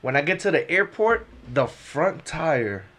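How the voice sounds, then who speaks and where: A man's voice: on the high side, big pitch swings, a little slow, a bit bright. A young man trading profane anecdotes in a casual podcast chat. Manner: laid-back, profane, trades anecdotes. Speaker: podcast guest.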